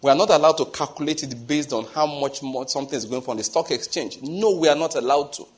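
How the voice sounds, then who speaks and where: A man's voice: on the high side, fast. A man preaching a sermon, telling personal stories and repeating phrases for emphasis. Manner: storytelling, repeats phrases for emphasis, asks listeners rhetorical questions.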